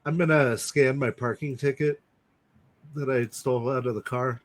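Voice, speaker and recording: Male tabletop player, plain matter-of-fact delivery, mid pitch. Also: steady tone, normal speed. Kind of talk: tabletop game chat.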